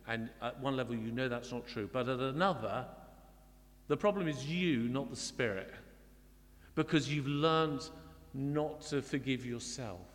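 A man's voice: medium pitch, a little slow. A man preaching a sermon, speaking in a reflective, conversational way with frequent restarts. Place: church. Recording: long church hall reverb.

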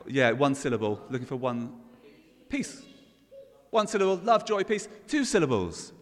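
A man's voice: mid-range voice, sing-song, a little fast. A man preaching an all-age sermon in a church, leading the congregation in call and response. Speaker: pastor. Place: church hall. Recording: long church reverb.

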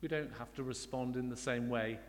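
A man's voice: medium pitch, steady tone, fairly quick, slight background noise. A man preaching a sermon, speaking in a reflective, conversational way with frequent restarts. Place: church. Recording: long church hall reverb.

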